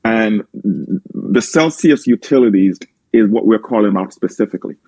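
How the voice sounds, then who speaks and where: A man's voice: lowish voice, lively intonation, normal speed, warm tone, slightly rough, dry recording. A man with a Jamaican accent, making insistent points in a casual group call.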